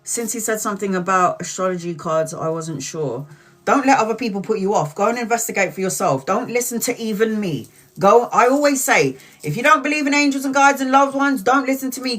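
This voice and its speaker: A woman, a tarot reader, chatting casually on a live stream and telling stories with frequent laughter and the odd swear word. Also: a little high. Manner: animated storytelling, laughs often, swears casually.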